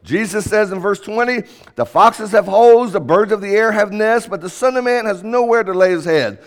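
High-voiced man preaching in a reverberant hall. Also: moderate pace. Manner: emphatic, rising and falling sharply for emphasis. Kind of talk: sermon. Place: church auditorium. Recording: long reverb of a church hall.

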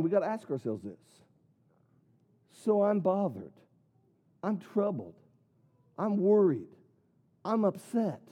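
A man's voice: high voice, warm tone. A man preaching a sermon, earnest, with many rhetorical questions and punched key words. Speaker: pastor.

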